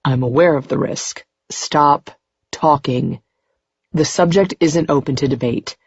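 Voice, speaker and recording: A woman voicing a brisk, commanding businessman who speaks curtly with a steely, all-business tone. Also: low voice, vocal fry, breathy edge, no room sound, muffled recording, exaggerated voice.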